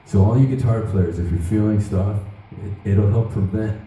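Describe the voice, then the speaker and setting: A middle-aged guitarist giving a workshop, telling loose, profane, animated stories to an audience. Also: male voice, fairly low pitch, moderate pace, highs cut off. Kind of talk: casual storytelling to an audience. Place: large event hall at a guitar show. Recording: echoey hall from far off.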